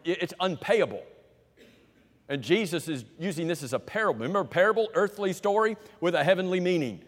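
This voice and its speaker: Male preacher with a hall echo. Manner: asks the congregation rhetorical questions; swings from loud emphasis to quiet low delivery. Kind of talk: sermon. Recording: long hall reverb.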